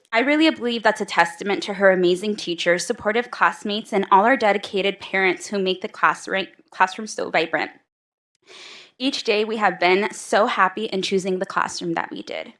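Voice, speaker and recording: A woman's voice: medium pitch, fairly bright tone. A mother giving an emotional prepared public comment at a school board meeting, close to tears.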